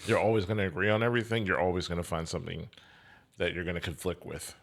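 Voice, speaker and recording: A man speaking as a podcast guest in casual chat, measured and thoughtful with some hesitations. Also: low voice, flat delivery, vocal fry.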